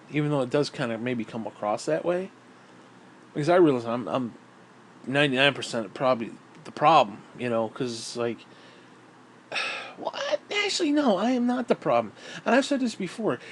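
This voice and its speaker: A man's voice: a little high, big pitch swings, moderate pace, a little hiss or hum. A middle-aged man in a casual monologue, ranting in a bitter, profane, rambling way. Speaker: vlogger.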